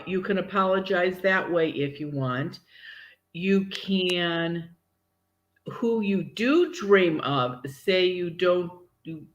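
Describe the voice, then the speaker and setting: Woman co-host, medium type, animated storyteller who slips into character voices. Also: lowish voice, muffled recording. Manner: animated, acts out voices in her stories. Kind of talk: casual chat answering viewer questions.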